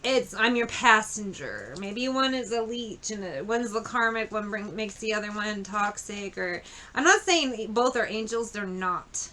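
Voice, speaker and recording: Bright-voiced chatty woman reading tarot. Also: medium pitch, a little slow, slight background noise. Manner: chatty, blunt, swears freely. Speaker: tarot reader. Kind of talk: casual tarot reading with storytelling.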